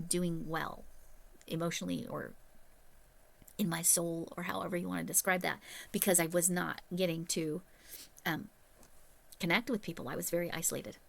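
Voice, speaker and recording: Speaking in a lowish, gravelly voice with a fairly bright tone, this middle-aged woman talks openly and chattily with her viewers. She's a former teacher turned crochet YouTuber, filming a laid-back vlog.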